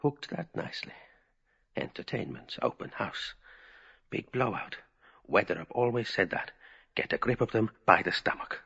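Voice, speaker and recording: A man's voice: lowish voice, very animated, moderate pace, vocal fry, long pauses, sharp tone, slightly rough, highs cut off, full character voice. A man voicing a middle-aged male ad canvasser, musing wryly to himself. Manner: wry inner musing.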